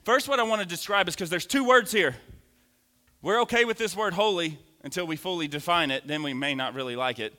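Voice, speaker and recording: A man in his thirties preaching a lively sermon in a church, animated and joking with the congregation. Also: high-pitched, brisk. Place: church sanctuary. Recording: long hall reverb.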